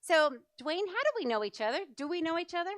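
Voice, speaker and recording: A woman's voice: extremely high pitch, sing-song, fast talker, a bit bright, no echo. A middle-aged woman presenting a church health seminar, chatty and enthusiastic, with many fillers. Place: church hall.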